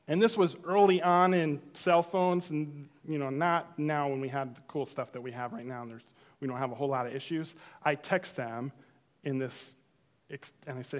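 A man's voice: fairly high pitch, steady tone, normal speed. A man preaching a sermon, telling a personal story and acting out his own reactions. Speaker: pastor.

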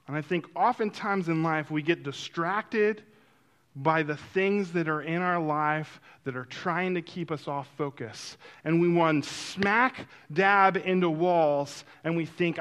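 A man telling a personal story in a sermon-like way, acting out quotes and then turning soft and reflective. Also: fairly high pitch, a little slow. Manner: animated, acts out quotes, drops to a soft reflective tone.

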